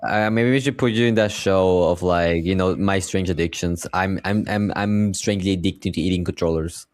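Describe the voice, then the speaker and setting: Low-voiced young man, crude joker. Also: fairly even intonation, moderate pace, a little mellow, no echo. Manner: crude, joking, stammering restarts. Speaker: guest VTuber. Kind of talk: casual chat.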